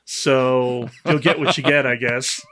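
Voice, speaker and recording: A man's voice: medium pitch, fairly even intonation, a little slow, a bit bright, slight background noise. A man co-hosting a film review podcast, giving blunt, wry opinions in casual chat. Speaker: podcast co-host.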